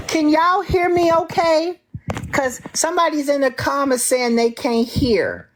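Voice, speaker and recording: A woman's voice: high voice, a little slow. A woman hosting a live-streamed call-in show who talks with sassy, confrontational emphasis. She repeats herself and restarts sentences often, and she refers to herself in the third person. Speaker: livestream host taking callers.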